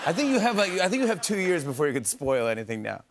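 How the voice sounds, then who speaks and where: Late-night host guy gushing, laughs a lot, kinda high-pitched, studio. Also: sing-song, background noise. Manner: effusive, enthusiastic, quick to laugh. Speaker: talk show host. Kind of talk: late-night talk show chat. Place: television studio.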